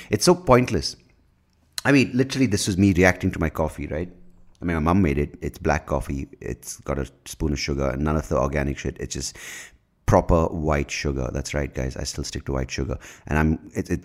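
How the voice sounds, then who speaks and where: A man hosting his own podcast in a casual, rambling monologue, self-mocking, swearing freely and tripping over his words. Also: extremely low pitch. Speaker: podcast host.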